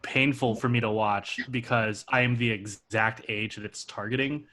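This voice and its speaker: A man's voice: lowish voice, fairly even intonation, moderate pace, bright, forceful tone. A man in casual chat, explaining things wryly through rambling asides.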